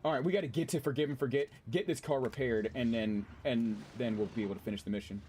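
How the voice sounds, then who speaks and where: A man streaming a game, chatting casually with his audience in an excitable, chatty way and swearing freely. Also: mid-range voice, fast talker, a little hiss or hum. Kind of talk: casual gameplay commentary.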